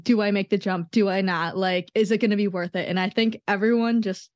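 A woman's voice: medium pitch, fairly even intonation, fairly quick, dry recording, highs cut off. A young woman hosting a podcast interview, gushing and enthusiastic, with lots of "oh my God". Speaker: podcast host. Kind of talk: casual interview chat.

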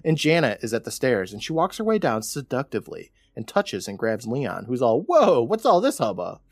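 A man co-hosting a podcast, casually recapping a TV episode with a lively, swooping delivery. He acts out the characters' lines in exaggerated voices. The sound is dry and close to the mic. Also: mid-range voice, a little fast, no room sound. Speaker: podcast co-host.

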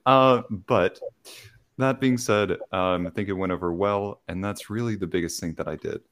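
A man's voice: fairly low pitch, normal speed, fairly bright tone. A young adult man hosting a podcast, reading announcements and chatting. He stumbles over words and laughs at himself. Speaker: podcast host. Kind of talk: podcast intro and casual chat.

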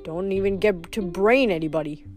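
A woman's voice: lowish voice, takes it slowly, vocal fry, darkish tone, soft background music, voice pushed down. Woman voicing a grumbling satyr. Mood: gruff. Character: gruff grumbling satyr, cocky and blunt.

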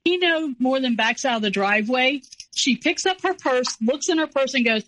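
A woman in her forties, an interview guest telling a personal story in a casual, animated way. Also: sits high, normal speed, no room sound, rough recording. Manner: animated, acts out quoted voices.

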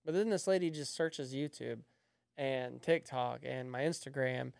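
A man's voice: mid-range voice, unhurried, vocal fry, a little mellow, clean tone, dry recording, studio quality. A man in his thirties, a comedian guest on a podcast, telling profane stories in casual chat and acting out what people said to him. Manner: profane storytelling, acts out quoted voices.

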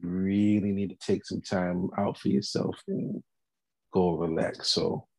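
A man's voice: sits low, little pitch movement, unhurried, creaky, a little mellow, no room sound. A young man hosting a podcast in casual, playful chat, joking and laughing with his co-hosts. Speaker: podcast host.

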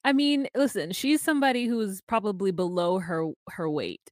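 A woman's voice: mid-range voice, moderate pace, no room sound, clean studio sound. A woman co-hosting a podcast, chatting casually and wryly as she recaps a reality show. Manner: chatty, wry asides. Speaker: podcast co-host.

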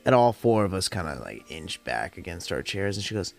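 A young podcast host's deep, gravelly voice is very animated and fairly quick as he tells a long story at home over a smoke session. He rambles casually and swears a lot, while lo-fi jazz hop plays faintly in the background.

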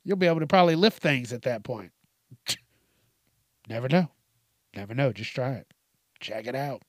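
A man's voice: medium pitch, lively intonation, fairly quick, no echo, studio quality. A man hosting a comedy podcast, talking crudely and playfully, often laughing at his own jokes. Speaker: podcast host. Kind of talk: crude stand-up style monologue.

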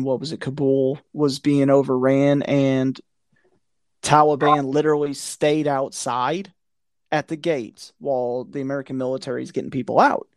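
A man's voice: mid-range voice, darkish tone, no room sound. Blunt, profane man ranting in a dry room. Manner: conspiratorial tone. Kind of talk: casual chat.

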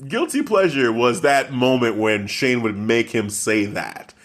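A man co-hosting a casual wrestling podcast, talking with animated outrage and frequent stammered restarts. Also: medium pitch, measured pace. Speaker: podcast co-host.

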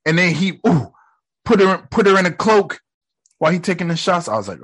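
A man giving casual reaction commentary on a show, excitable and profane, full of slang, sometimes acting out lines. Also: sits high, brisk, breathy edge. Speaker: reaction video host.

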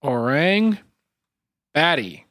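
A man's voice: fairly high pitch, sing-song, very slow, fairly bright tone, no echo, clean studio sound. A man co-hosting a podcast in casual comedic chat, rambling, swearing freely and laughing often. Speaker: podcast co-host guessing cryptids.

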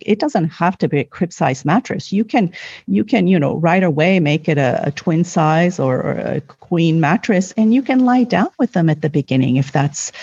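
A woman in a casual talk, gently and earnestly explaining childcare ideas, often repeating words as she thinks. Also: on the low side, breathy edge, dry recording, lo-fi sound. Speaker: parenting guest expert. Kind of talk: casual advice chat.

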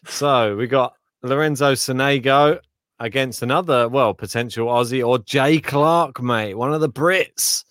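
A man's voice: medium pitch, a little slow, fairly bright tone, clean tone, dry recording, studio quality. A man co-hosting a podcast in casual, slangy banter, teasing his partner. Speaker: podcast co-host. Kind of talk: casual chat.

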